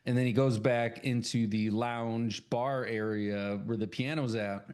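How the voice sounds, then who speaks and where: A man's voice: medium pitch, fairly even intonation, a little slow, a little mellow, clean tone. A man co-hosting a casual podcast, eagerly retelling film scenes, swearing often and acting out characters' lines. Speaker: podcast co-host. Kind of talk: casual chat.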